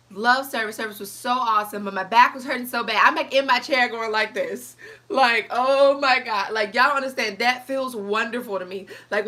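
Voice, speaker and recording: A young woman chatting to camera in an animated, chatty way, reading live comments as she tells her story. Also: fairly high pitch. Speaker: vlogger. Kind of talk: casual chat to camera.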